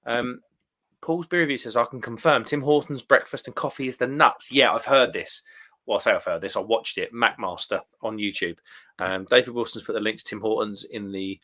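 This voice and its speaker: Brief: cheerful English man with a bright, forward voice, co-hosting a beer stream and chatting with the viewers. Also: fairly low pitch, a little fast. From England. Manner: cheerful, laughs often, chatty about beer. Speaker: live stream co-host. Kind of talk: casual chat reading viewer comments.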